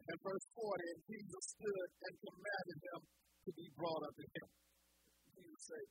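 A woman preacher delivering a sermon, emphatic, pausing to ask the congregation fill-in questions. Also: mid-range voice, huge pitch swings, slightly rough, no room sound, low-quality recording.

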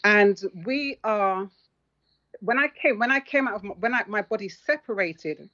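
A woman's voice: medium pitch, normal speed, bright, forceful tone. A woman tells a personal story as a guest author. She is earnest and reflective and sometimes restarts her sentences. The audio is muffled and lo-fi. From London.

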